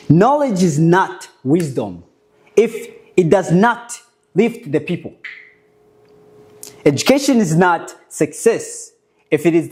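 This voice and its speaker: Young male speaker, fairly high-pitched, rhetorical and emphatic with occasional stumbles. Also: darkish tone. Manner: rhetorical, emphatic, with halting restarts. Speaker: conference speaker, movement founder. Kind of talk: impassioned motivational speech.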